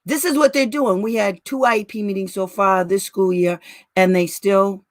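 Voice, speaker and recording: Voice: medium pitch, steady tone, normal speed, no echo, studio quality. Blunt, brash special education advocate. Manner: blunt and brash, laughs often; calls listeners "girl" and "honey". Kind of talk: casual livestream talk to parents.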